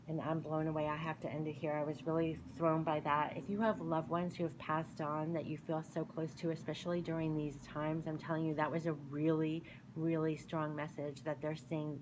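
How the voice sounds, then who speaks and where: A woman's voice: sits low, level tone, normal speed, a little mellow, slight background noise, low-quality recording. A woman doing a casual spiritual card reading, earnestly reading card messages aloud between her own remarks. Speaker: tarot reader.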